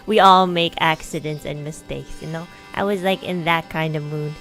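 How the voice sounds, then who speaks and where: A woman's voice: deep voice, normal speed, soft background music. Chatty young woman telling a story. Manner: chatty, animated, acts out quoted lines in a raised voice. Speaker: streamer. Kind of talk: casual storytelling.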